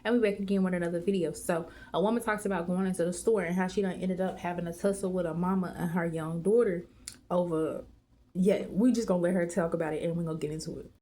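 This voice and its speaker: A woman's voice: lowish voice, steady tone, quick pace, warm tone. A woman hosting a reaction channel, giving a casual, slangy intro to her viewers.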